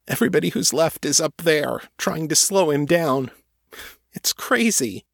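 A man's voice: a little high, animated, unhurried, gravelly, no echo, studio quality, voice pushed up, exaggerated voice. A man voicing a frightened young male cultist in an audiobook, speaking in a small, pleading voice.

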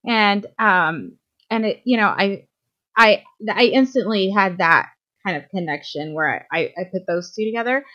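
A woman's voice: medium pitch, lively intonation, moderate pace, pushed and bright. A woman co-hosting a podcast, chatting casually with a lot of fillers and restarts. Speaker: podcast co-host. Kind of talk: casual fan chat. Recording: slightly dull lo-fi audio.

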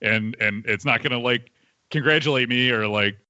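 A man who is a podcast guest, chatting in an animated way and acting out his own quoted thoughts. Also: medium pitch, moderate pace, dry recording, dull audio. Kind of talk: casual chat.

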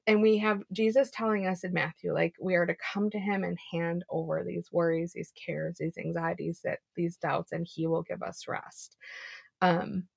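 Earnest young woman, gravelly and husky. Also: fairly low pitch, little pitch movement, normal speed, no room sound, clean studio sound. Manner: earnest, chatty, heavy filler "like". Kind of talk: casual faith devotional talk.

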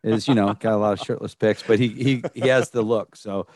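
A man hosting a casual podcast, introducing a guest in a relaxed way with many fillers. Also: on the low side, fairly quick, no room sound, studio quality. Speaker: podcast host.

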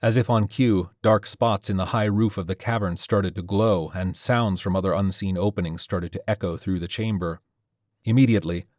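A man narrating a story in a steady, measured reading style. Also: low-pitched, dry recording, clean studio sound. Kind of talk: audiobook narration of a sci-fi horror story.

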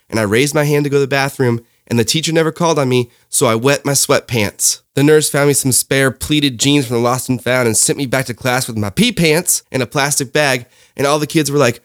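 A man's voice: medium pitch, a little fast, no room sound, clean studio sound. A man in his thirties delivering a sarcastic, ranting comic monologue as host. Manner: sarcastic, ranting, deadpan asides. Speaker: comedy show host.

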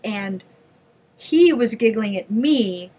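Animated storytelling woman. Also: on the high side, slow pace, husky. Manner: animated storyteller, laughs often. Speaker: podcast co-host. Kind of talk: casual chat.

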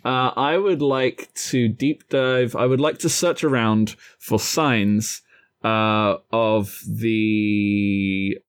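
Man, tabletop player, unhurried hesitant speech, dry sound. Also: on the low side, steady tone, clear, resonant tone, no echo. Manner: hesitant, thinking aloud with fillers. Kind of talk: tabletop role-play.

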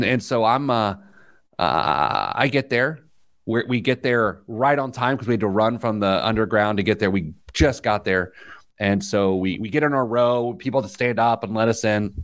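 A man's voice: on the low side, a bit bright, no room sound, clean studio sound. An American man hosting a podcast, telling a self-mocking story in casual chat. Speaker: podcast host; youth soccer coach.

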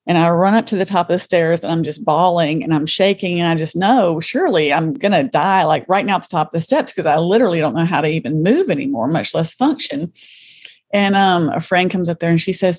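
In this conversational podcast interview, a middle-aged woman with a brisk, darkish voice on the low side tells her story with compassion. Her retelling is vivid, earnest, and centered on faith.

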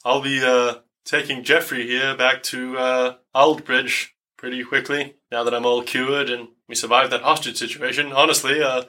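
A man's voice: mid-range voice, level tone, pushed and bright, lightly acted. A man voicing a mopey, droopy-voiced werebore who thanks the party in a tabletop game. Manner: slow, mopey and apologetic.

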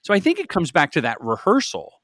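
Middle-aged male guest, animated and upbeat, dry sound. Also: a little high, fast talker, no echo. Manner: energetic, animated storyteller. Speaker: guest, commercial director. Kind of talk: casual interview storytelling.

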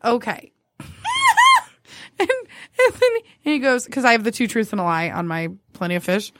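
A woman's voice: on the high side, huge pitch swings, normal speed, a bit bright, no echo. A young woman co-hosting a podcast, casually reading dating-app messages aloud and giggling often. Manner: giggly, often laughing while telling a story. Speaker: podcast co-host.

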